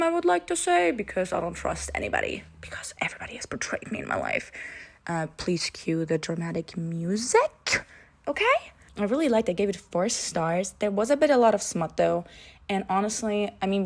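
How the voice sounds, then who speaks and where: Chatty woman doing a dramatic book review. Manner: chatty and dramatic, with sudden jumps in pitch. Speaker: book vlogger. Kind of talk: casual book review chat.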